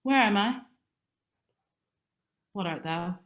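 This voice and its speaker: A woman's voice: medium pitch, expressive, slow, fairly bright tone. A woman playing a haughty Queen Elizabeth. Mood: dazed. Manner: commanding, scornful, archaic theatrical speech. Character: imperious sleepwalking Queen Elizabeth I, haughty and sharp-tongued. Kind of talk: amateur online stage play reading.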